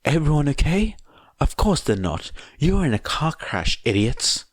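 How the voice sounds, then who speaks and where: A man's voice: fairly high pitch, big pitch swings, moderate pace, dry recording, pitched above the performer's own voice. A man voicing a manic split-minded male villain who contradicts himself in a podfic reading. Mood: bickering.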